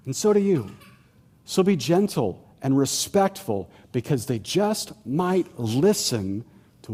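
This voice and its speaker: A man's voice: fairly high pitch, warm tone. A man preaching a sermon in a conversational, humorous way, acting out the voices of the people he quotes. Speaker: pastor.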